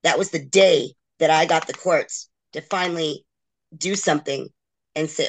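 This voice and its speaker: A woman's voice: low-pitched, normal speed. Emotional middle-aged woman telling her story. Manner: emotional, frank, acts out others' quoted words. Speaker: interview guest. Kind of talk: candid personal storytelling.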